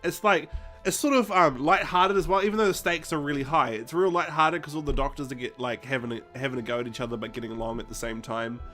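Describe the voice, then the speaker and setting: A man's voice: medium pitch, fairly even intonation, quick pace, sharp tone, faint music behind. A man co-hosting a fan podcast, chatting eagerly, laughing often and acting out quoted lines. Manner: enthusiastic, laughing, acts out quotes. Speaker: podcast co-host. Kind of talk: casual chat.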